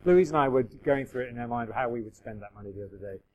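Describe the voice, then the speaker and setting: A man's voice: medium pitch, fast, darkish tone, dull audio. A middle-aged man preaching a sermon in a conversational way, acting out quoted voices with self-deprecating humour. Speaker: pastor.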